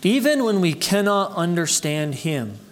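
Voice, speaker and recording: A man preaching a sermon as pastor, earnestly calling his listeners brethren, his voice climbing high and loud for emphasis, then dropping low and quiet. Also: very animated, measured pace. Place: church sanctuary.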